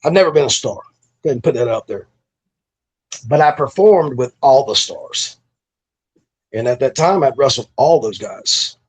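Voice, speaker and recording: A man's voice: medium pitch, animated, moderate pace, long pauses, slightly rough. A middle-aged man, a former pro wrestler, telling stories from his career in a laid-back, profane way, with lots of fillers. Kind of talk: casual storytelling interview.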